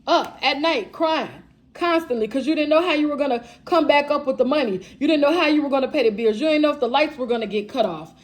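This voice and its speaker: Wanita pembaca tarot yang blak-blakan dan kasar. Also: female voice, high-pitched, fast. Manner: blunt, profane, emphatic, addresses viewers as y'all. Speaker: tarot reader. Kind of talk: channeled tarot reading to camera.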